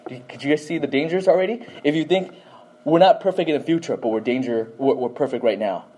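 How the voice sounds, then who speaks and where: A man's voice: a little high, fast talker, darkish tone, low-quality recording. A man teaching a Bible class, often quizzing listeners with questions and adding "okay?" to his points.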